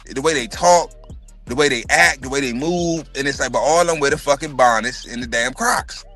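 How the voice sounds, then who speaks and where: A man's voice: mid-range voice, bright, forceful tone. A middle-aged man hosting a casual livestream chat, ranting animatedly with lots of swearing and restarts. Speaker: podcast host.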